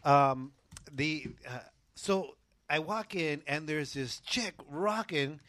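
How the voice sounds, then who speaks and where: Man, co-host, slangy, joking, rambling, slightly high voice. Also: slow, a bit bright. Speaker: talk show co-host. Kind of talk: casual radio talk. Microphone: studio mic.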